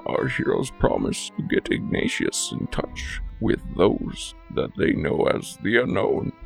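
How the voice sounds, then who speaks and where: A man voicing a pompous old male librarian who recaps a tabletop adventure in a theatrical, drawn-out way. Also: fairly low pitch, vocal fry, full character voice.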